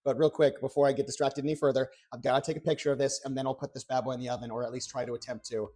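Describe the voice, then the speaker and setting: A young man chatting on a cooking livestream, rambling and excitable, with playful exclamations and restarts. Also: mid-range voice, very fast. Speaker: streamer. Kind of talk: casual cooking livestream chat. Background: faint background music.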